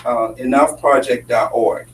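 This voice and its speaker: A man's voice: medium pitch, steady tone, measured pace. A man from Congo with a French accent, speaking as a guest in an interview, passionate and emphatic, often repeating his points. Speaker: guest activist. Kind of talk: earnest conversational interview. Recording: roomy, distant mic, faint hum.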